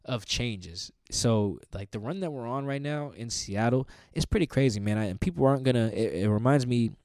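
A man's voice: mid-range voice, lively intonation, moderate pace, darkish tone, no echo, studio quality. A man hosting a podcast, talking sports in a loose, rambling, slangy way. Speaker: podcast host. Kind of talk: casual sports chat.

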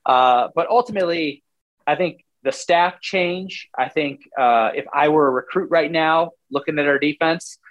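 A man's voice: a little high, normal speed, fairly bright tone, highs cut off. A man in his forties, a former player now analyzing football in casual talk, rambling animatedly and acting out what coaches would say.

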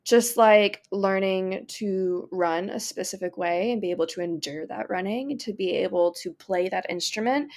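A woman's voice: mid-range voice, creaky. A woman who teaches art, talking earnestly and with enthusiasm as a guest on a podcast conversation. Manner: earnest, enthusiastic, talks fast in bursts.

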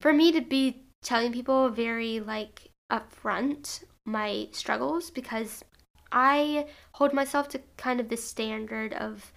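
A young woman in her twenties with a fairly high voice that keeps dropping into vocal fry. She tells a personal story in a casual, rambling way, piling up fillers and restarts. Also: slow. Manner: rambling, filler-heavy with frequent "like".

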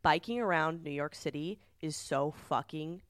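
A woman co-hosting a comedy podcast from home, telling animated stories with swearing and laughter. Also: sits low, moderate pace, dry recording, studio quality. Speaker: podcast co-host. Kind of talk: casual comedic chat. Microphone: remote podcast mic.

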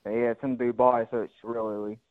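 A man's voice: mid-range voice, level tone, a little fast, no echo. A man phoning in to a radio show, laid-back and brief. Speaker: caller. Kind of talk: casual radio call-in chat. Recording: tinny phone line.

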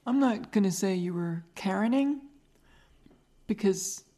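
A woman's voice: medium pitch, lively intonation, measured pace, dark tone. A middle-aged woman with a regional American accent, hosting a podcast and telling stories in casual chat, laughing often. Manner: chatty storyteller, laughs often. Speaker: podcast host.

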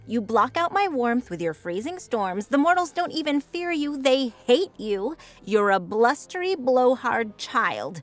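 A woman's voice: fairly high pitch, a bit bright, heavily acted. A woman voicing a vain, sardonic sun goddess in an audio drama, with a mocking, theatrical delivery. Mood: scornful.

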